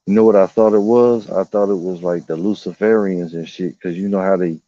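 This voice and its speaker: Casual male vlogger, low mellow voice, swearing through animated woodland stories, dry lo-fi sound. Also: brisk, no echo. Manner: rambling, profane, animated storytelling, voices animals. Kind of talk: casual storytelling vlog. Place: outdoors in woods.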